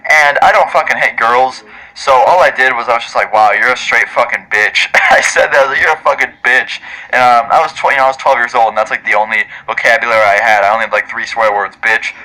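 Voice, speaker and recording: Bright-voiced, foul-mouthed young man. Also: mid-range voice, poor audio. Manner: profane and chatty, many fillers and asides. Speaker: storytime vlogger. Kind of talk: casual storytelling to camera.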